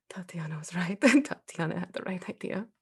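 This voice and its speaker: A woman voicing a trapped, longing spectral young woman in tabletop role-play, soft and wistful. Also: mid-range voice, measured pace, breathy edge.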